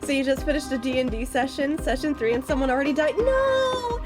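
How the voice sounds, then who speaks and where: A woman's voice: sits high, fairly even intonation, fast talker, over loud music. A woman streamer giving casual gameplay commentary, giggly, playful and rambling.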